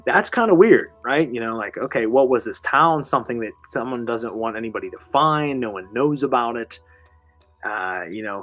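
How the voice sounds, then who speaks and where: A man's voice: medium pitch, fairly bright tone, dry recording. A man hosting a live show, telling a story in a casual, rambling, conversational way with casual swearing. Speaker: host.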